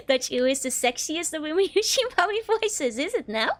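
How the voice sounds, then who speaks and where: A woman streamer chatting casually while playing a game, giggling often and rambling with many fillers. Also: sits high. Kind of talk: casual gameplay chat.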